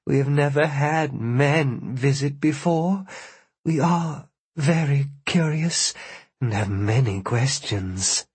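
A man's voice: mid-range voice, slow, a little mellow, slightly rough, no echo. A man voicing a coy young woman who eagerly plays hostess, in a sweet, coaxing voice.

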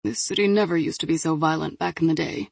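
A woman's voice: sits low, fairly even intonation, fast talker, creaky, a little mellow, husky, dry recording, full character voice. A woman doing a gloomy older male dog handler. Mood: mournful. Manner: mournful, muttering.

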